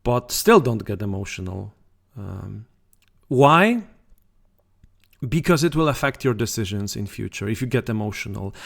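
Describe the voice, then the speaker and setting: Slow-talking man giving trading advice. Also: fairly low pitch, very animated, gravelly, a bit bright. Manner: conversational, frequent fillers and restarts, repeats points. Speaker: football trading channel host. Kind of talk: casual talk to camera.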